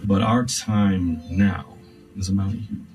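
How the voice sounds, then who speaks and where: A man voicing a tall, thin, spider-like veiled being of no clear sex, speaking slowly and cryptically in a tabletop game. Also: sits low, fairly even intonation, a little mellow. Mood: cryptic. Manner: slow, solemn and cryptic. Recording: distant mic with faint music.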